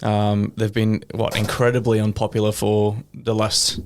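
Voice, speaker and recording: A man's voice: on the low side, level tone, moderate pace, darkish tone, a little hiss or hum. A young man with an English accent hosting a podcast, chatting casually and rambling through self-corrections. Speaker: podcast host. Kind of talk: casual chat.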